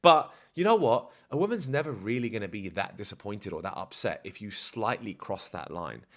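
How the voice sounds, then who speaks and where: A man's voice: on the low side, lively intonation, normal speed, fairly bright tone. A man talking as a dating coach in a casual vlog, blunt, slangy and self-assured.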